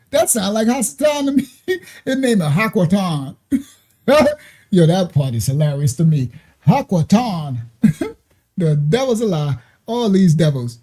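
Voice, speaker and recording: Hosting a ministry livestream, this high-pitched man with a dark tone teaches in a relaxed way and responds to viewers' comments. He laughs a lot, drifts through loose stories, and keeps tossing in "right?".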